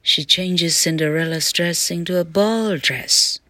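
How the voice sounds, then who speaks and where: A woman teacher reading a storybook aloud slowly and carefully in a bilingual lesson. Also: on the low side, sharp tone, no echo, clean studio sound. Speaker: English teacher.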